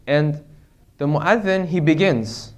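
A man's voice: fairly high pitch, slow pace. A man giving an earnest religious lecture to a congregation, often checking in with rhetorical questions.

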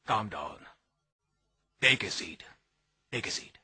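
An actor playing a calm, sly temple elder calling for peace in a dubbed film, soothing but firm. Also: male voice, on the high side, unhurried, a little hiss or hum.

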